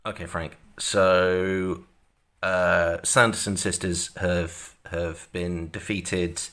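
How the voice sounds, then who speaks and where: A man's voice: low voice, level tone, slow, fairly bright tone. A man co-hosting a livestream, coaxing and pleading in a mock-exasperated way. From Britain. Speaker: livestream co-host. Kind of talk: casual comic chat.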